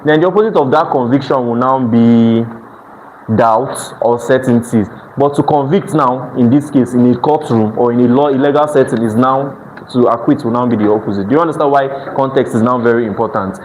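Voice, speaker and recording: A Nigerian-accented man teaches a night class, stopping often to ask the students if they follow and correcting himself mid-phrase. His voice sits at a middle pitch, and a faint hiss runs under the recording. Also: brisk, darkish tone, low-quality recording. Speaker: exam prep tutor. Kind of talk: classroom lecture. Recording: faint background noise.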